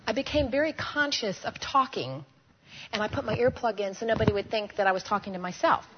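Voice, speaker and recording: A woman giving a storytelling sermon to a women's gathering, animated and conversational, often asking the audience questions. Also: medium pitch, fairly quick. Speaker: speaker addressing a women's gathering. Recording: muffled lo-fi recording with faint hiss.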